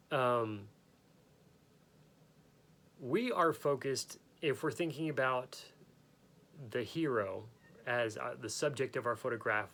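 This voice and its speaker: A man hosts an unscripted talk about photography, with a middle-range pitch. He rambles, often stops to restart or correct himself, and has the hiccups. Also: fairly bright tone. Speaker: photography podcast host.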